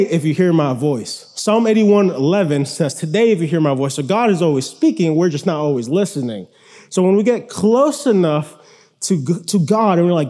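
Young male preacher, high mellow voice, casual talky sermon delivery with restarts.

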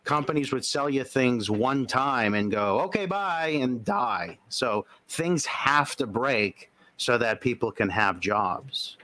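Bright-voiced man with teasing dry humor. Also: mid-range voice, slow pace, hardly any pauses, no room sound. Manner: dry, teasing, mock-serious. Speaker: podcast co-host. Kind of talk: casual chat.

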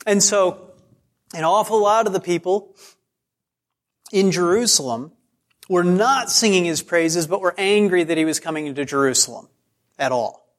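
A man's voice: high-pitched, moderate pace, long pauses. A man preaching a sermon in a conversational way, telling stories on himself and repeating phrases for emphasis. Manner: conversational preaching with self-deprecating asides; repeats phrases for emphasis, draws out key words. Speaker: pastor.

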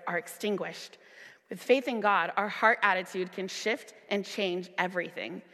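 Young woman, worship leader, earnest sermon testimony, mid-pitched voice, long hall reverb. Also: fairly bright tone. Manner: earnest, rising to emphatic high peaks in retold dialogue.

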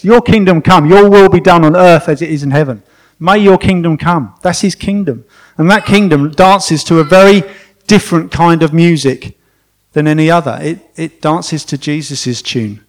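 A man, possibly middle-aged, preaching a sermon and telling a story with animated emphasis, often repeating words to stress them. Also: fairly high pitch.

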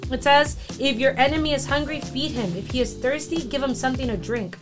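Young female co-host, higher voice, reads scripture then chats loosely, music clearly underneath. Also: fairly quick. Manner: reads verses then talks in casual slang. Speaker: co-host of a faith discussion. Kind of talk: casual faith chat with scripture reading.

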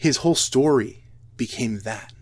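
An earnest man speaking to an audience in a reflective, personal way. His pitch sits in the middle of the range, and he often restarts his phrases as he thinks aloud. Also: normal speed, a little mellow.

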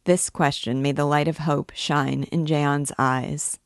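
A woman reads a classic novel aloud, guiding listeners through it. Her voice sits low and her telling is clear and even. The recording is close and dry, with no echo. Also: unhurried, few pauses. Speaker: book reader and guide.

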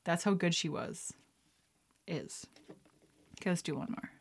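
A woman's voice: on the low side, unhurried, creaky, slight background noise. A woman vlogger chatting casually while playing a trivia card game, reading questions aloud, muttering guesses and laughing. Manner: chatty and excitable, squeals and laughs at right answers.

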